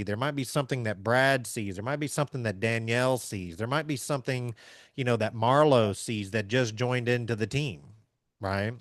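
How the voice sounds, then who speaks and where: A man from Southeast Missouri, hosting a casual business chat in an energetic, folksy way. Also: medium pitch, dry recording, studio quality. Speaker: podcast host.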